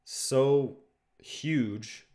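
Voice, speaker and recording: A young man from Canada hosts a live football watchalong, talking in an easygoing way as he reads out viewer questions. His voice sits at an ordinary middle pitch, and it picks up energy whenever the play heats up. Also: very slow, mellow. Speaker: watchalong host. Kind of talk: casual live-stream chat and match commentary.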